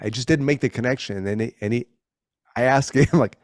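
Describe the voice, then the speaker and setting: Lively middle-aged male storyteller, dry sound. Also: mid-range voice, fast talker, no room sound. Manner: animated anecdote teller who acts out quoted voices; frequent restarts and self-corrections. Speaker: interview guest, keyboardist. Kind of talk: casual conversational storytelling.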